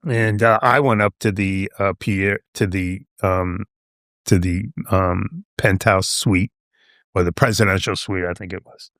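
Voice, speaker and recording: A man's voice: low voice, steady tone, unhurried, fairly bright tone, dry recording, studio quality. An older American man with a New York accent, a veteran guest telling stories in a casual, rambling way, full of fillers and restarts and acting out what people said. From United States. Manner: acts out quoted voices. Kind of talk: casual storytelling.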